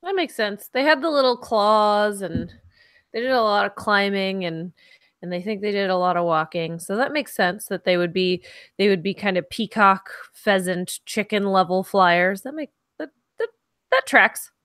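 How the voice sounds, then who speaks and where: A woman co-hosting a science podcast chimes in eagerly with quick reactions and her own ideas. Her voice sits at an ordinary pitch and sounds dry and close, with no room echo. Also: fairly bright tone, smooth. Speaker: podcast co-host. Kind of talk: casual science chat.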